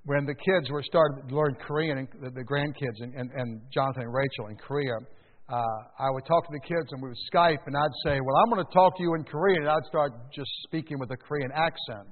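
An older man preaching a sermon as pastor, conversational, with emphatic rises and quiet drops. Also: medium pitch, brisk. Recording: tinny phone-like sound in a reverberant hall.

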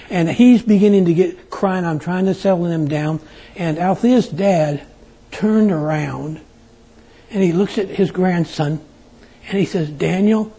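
A man's voice: fairly high pitch, dark tone, slightly rough. A middle-aged man preaching a sermon, telling a rambling family story in a folksy way and then leading an earnest prayer. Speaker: pastor.

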